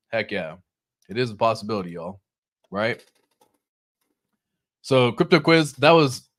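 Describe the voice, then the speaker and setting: A man hosting a casual crypto show, talking over charts in an excitable, slangy way. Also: medium pitch. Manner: excitable, chatty, slangy, laughs often. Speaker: crypto channel host.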